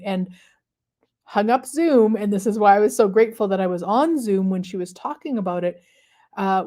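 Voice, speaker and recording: A woman hosting a live stream, talking casually and reflectively to viewers with many pauses and fillers. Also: mid-range voice, warm tone. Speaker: host of a manifestation livestream.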